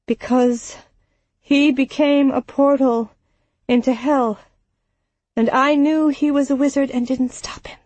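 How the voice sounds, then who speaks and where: A woman narrating voices a wounded young girl, full of guilt. Slow, dry and close. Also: high voice, fairly even intonation, darkish tone, no echo, voice pushed up. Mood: guilty.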